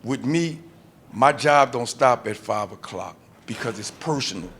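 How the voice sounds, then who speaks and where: Audience man, mid-pitched, earnest and plain-spoken, faint noise behind. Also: expressive, a little slow, fairly bright tone. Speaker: audience member. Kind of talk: casual comment from the audience.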